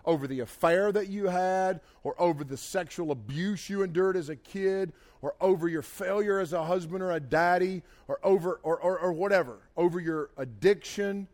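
A man's voice: high voice, normal speed, few pauses, darkish tone. A man preaching a sermon, folksy and emphatic, with plain down-home phrasing. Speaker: pastor.

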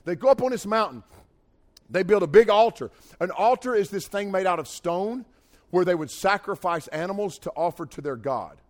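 Animated male preacher retelling stories. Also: high-pitched, normal speed. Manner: animated, colloquial, speaks to listeners directly. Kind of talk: storytelling sermon.

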